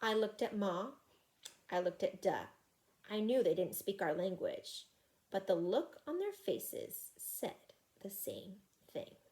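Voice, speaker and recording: A woman reading a children's chapter book aloud in an expressive, animated way. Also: medium pitch, slow pace. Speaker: reader.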